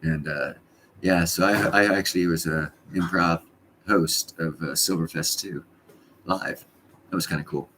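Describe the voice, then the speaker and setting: A man's voice: low-pitched, steady tone, a little slow, fairly bright tone, slight background noise. A middle-aged man hosting his own live stream from home, chatting casually in a rambling, blunt and profane way.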